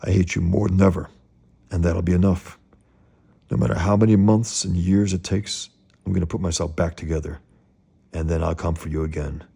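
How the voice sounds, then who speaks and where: A man's voice: deep voice, fairly even intonation, moderate pace, creaky, warm tone, husky, heavily acted. A man reading aloud as a paralyzed male villain who vows revenge, in a menacing monologue. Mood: hateful.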